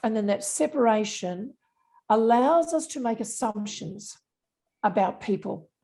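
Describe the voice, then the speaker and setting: A woman's voice: a little high, expressive, measured pace, vocal fry, mellow. A woman, a bias specialist answering interview questions in an earnest, explanatory way. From Australia. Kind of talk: interview conversation.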